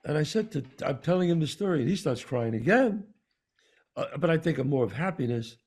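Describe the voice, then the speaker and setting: Gravelly New York man telling a story. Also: on the high side, fairly quick. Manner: animated storyteller, acts out quoted dialogue. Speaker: podcast co-host. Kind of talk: storytelling in casual conversation.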